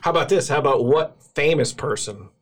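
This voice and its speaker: A woman co-hosting a casual chat, wry and joking with quick asides. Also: a bass voice, expressive, slightly rough. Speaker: podcast co-host.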